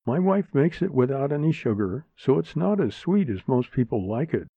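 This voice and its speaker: A man's voice: mid-range voice, big pitch swings, normal speed, creaky, slightly rough, no room sound, voice pushed up, heavily acted. A man voicing a plainspoken, agreeable older man in a storybook reading. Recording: narrow phone-like sound, dry.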